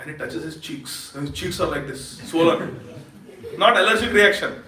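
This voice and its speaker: A man giving a lively storytelling sermon at a temple feast, laughing often and quizzing his audience. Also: a little high, normal speed. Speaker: speaker at a temple Sunday feast. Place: temple hall. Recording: echoey hall, distant mic.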